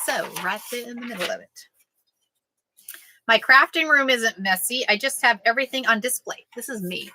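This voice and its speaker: A woman's voice: fairly high pitch, expressive, moderate pace, sharp tone, low-quality recording. A woman chatting casually as a quilting vlogger, joking and answering viewers. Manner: chatty, jokey, reads out sayings and answers viewers. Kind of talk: casual live chat.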